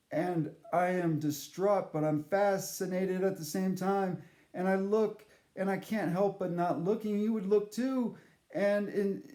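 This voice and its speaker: A man telling a comic story to camera in a rambling, halting, deadpan way. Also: high-pitched, reverberant.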